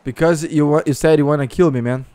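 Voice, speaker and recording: A Brazilian man with a Brazilian Portuguese accent, excitedly chatting and shouting with other players during an online survival game. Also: fairly high pitch, quick pace. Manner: loud, excitable, shouts and laughs, switches between Portuguese and English. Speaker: gameplay streamer. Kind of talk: excited multiplayer game chat.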